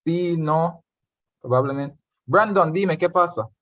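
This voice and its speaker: A man's voice: on the high side, unhurried, fairly bright tone, no echo. A Jamaican man teaches a live online Spanish revision class, hopping between English and Spanish and firing questions at students. His voice sounds dry and a bit dull, like audio from a video call. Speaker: Spanish tutor.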